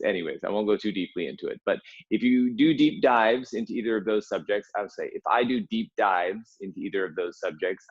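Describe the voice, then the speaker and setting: A man giving a casual, relaxed spoken reflection to a group on a video call, rambling a little and laughing softly now and then. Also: fairly low pitch, muffled recording.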